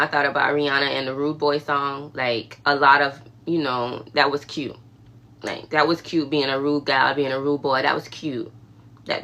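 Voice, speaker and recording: A woman's voice: low voice, sharp tone. A woman hosting a livestream, giving a casual, emphatic faith talk with conversational asides. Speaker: livestream host.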